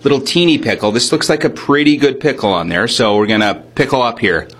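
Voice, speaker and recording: A man reporting for radio, chatting casually as he tastes fair food and describes every bite out loud. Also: medium pitch, a little fast. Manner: chatty, upbeat, describes aloud while chewing. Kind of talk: casual on-location food tasting chat.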